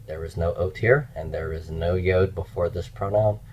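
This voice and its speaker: A man teaching grammar in a slow, explanatory lecture, repeating key forms as he goes. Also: low voice, fairly even intonation, a little mellow, slight background noise. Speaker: Hebrew teacher. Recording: dull lo-fi lecture recording.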